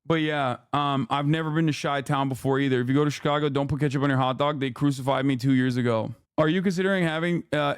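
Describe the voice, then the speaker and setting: A man's voice: a little high, smooth, dry recording, studio quality. A man streaming from home, ranting and mocking his chat in a profane, casual commentary.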